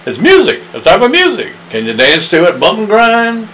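A man's voice: sits high, wildly swooping pitch, normal speed, fairly bright tone, slight background noise, voice pushed up, heavily acted, rough recording. A man voicing a naive, curious questioner who asks wondering questions.

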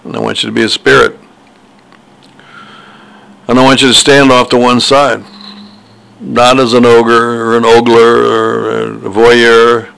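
Gravelly older man telling rambling stories. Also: mid-range voice, monotone, a little slow, pauses often, fairly bright tone, poor audio. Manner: meandering, hesitant, with many fillers and restarts. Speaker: author. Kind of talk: rambling personal storytelling monologue.

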